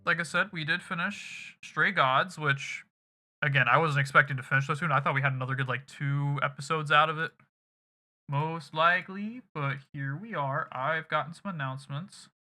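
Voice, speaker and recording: Music runs in the background as a gamer wraps up his stream with relaxed, rambling talk full of profanity. He speaks at a normal pace, his voice on the high side with a sharp edge.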